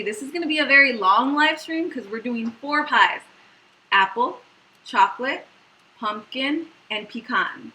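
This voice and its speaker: A woman's voice: high-pitched, sharp tone, rough recording. A young woman hosting a home baking livestream from her kitchen, chatty and bubbly, laughing easily. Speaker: home cooking livestream host. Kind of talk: casual livestream chat.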